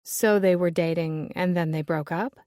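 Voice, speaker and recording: Woman reading as curious american lady, quick and eager, keeps probing, dry close sound. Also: lowish voice, fairly even intonation, darkish tone, clear, resonant tone, dry recording, natural voice.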